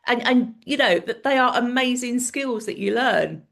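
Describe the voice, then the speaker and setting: A woman's voice: fairly high pitch, moderate pace, creaky, a bit bright. A middle-aged woman, a guest on a podcast, chatting with many fillers and hesitations. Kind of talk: casual chat.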